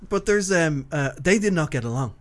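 A man's voice: on the high side, lively intonation, brisk. A man hosting a podcast in casual, rambling chat, swearing freely and laughing easily. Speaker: podcast host.

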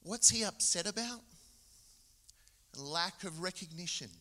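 A middle-aged Australian man delivers a guest sermon, retelling the story in an expressive, storytelling way and voicing the characters' lines. His voice is fairly high and very bright. The church gives his voice a long reverberant tail. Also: unhurried. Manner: expressive storytelling with acted-out quotes. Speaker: guest preacher.

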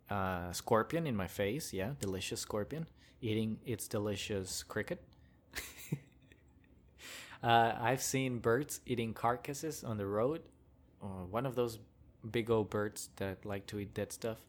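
A man's voice: fairly low pitch, unhurried. A young man hosting a casual solo rant, rambling and joking with frequent chuckles. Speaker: podcast host.

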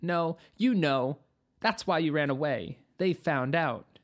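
A narrator voicing a guarded young female witch who speaks softly and pointedly. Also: low-pitched, lively intonation, slow pace.

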